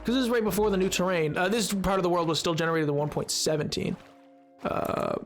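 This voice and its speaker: A man's voice: high-pitched, fast, over music. A man streaming a game live, chatting casually with his viewers in a rambling way and laughing often.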